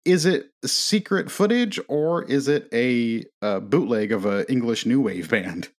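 A man's voice: medium pitch, animated, measured pace. A man talking casually on a movie podcast, rambling through strong opinions with frequent "like" and "um". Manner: rambling, opinionated, with many fillers. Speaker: podcast co-host.

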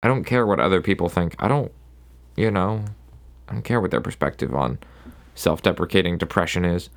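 A man's voice: deep voice, lively intonation, fairly quick. A man hosting his own solo podcast, rambling casually and sarcastically, often restarting his sentences. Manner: rambling, sarcastic, self-interrupting. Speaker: podcast host.

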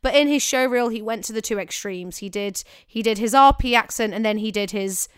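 Clear-voiced chatty woman. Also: a little high, fairly quick, no echo, clean studio sound. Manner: chatty, emphatic, self-correcting. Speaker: podcast co-host giving acting advice. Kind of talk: casual chat.

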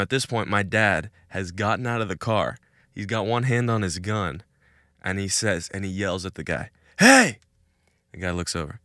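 A young man hosting a podcast, recording outdoors, telling a story in a casual and animated way and laughing between lines. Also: fairly low pitch, no echo, clean studio sound. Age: young adult. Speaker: podcast host. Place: outdoors in a cul-de-sac.

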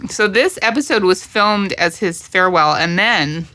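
A woman's voice: medium pitch, normal speed, sharp tone. A woman co-hosting a podcast, chatting casually and laughing often as she recaps TV episodes. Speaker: podcast co-host. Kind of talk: casual chat.

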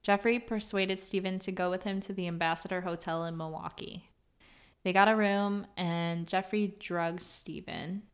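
A woman's voice: fairly low pitch, clean tone. A young woman co-hosting a true crime podcast, reading case details steadily and laughing nervously at the grim parts. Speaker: podcast co-host.

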